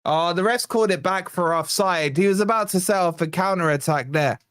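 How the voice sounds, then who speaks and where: A high-pitched man calls a football match live for his fan channel, excitable and chatty. His voice sounds a little strained, and the dry, close sound leaves no room echo. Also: brisk, clean tone. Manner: chatty, excitable play-by-play with asides to chat. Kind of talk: live match watch-along commentary.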